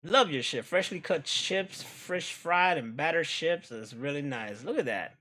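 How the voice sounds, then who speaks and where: A man hosting a live stream, chatting casually with viewers in a joking, profane, animated way. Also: fairly high pitch, unhurried. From United States.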